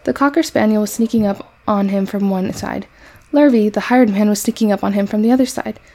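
A woman reading a children's novel aloud in an expressive storybook manner. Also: medium pitch, a little fast.

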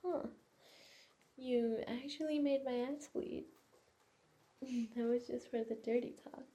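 A woman's voice: on the high side, fairly even intonation, slow pace, warm tone. Breathless young woman in audio role-play.

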